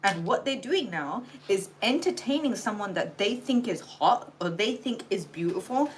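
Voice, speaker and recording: A woman's voice: mid-range voice, lively intonation, normal speed, hardly any pauses, slight background noise, low-quality recording. A tired woman giving a blunt, exasperated livestream tarot reading, lecturing her viewers and swearing freely. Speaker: tarot reader.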